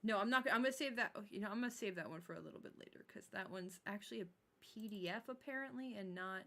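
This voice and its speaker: A woman's voice: mid-range voice, quick pace, fairly bright tone. Chatty woman hosting a livestream. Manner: chatty, swears casually, laughs often. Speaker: livestream host. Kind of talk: casual livestream chat.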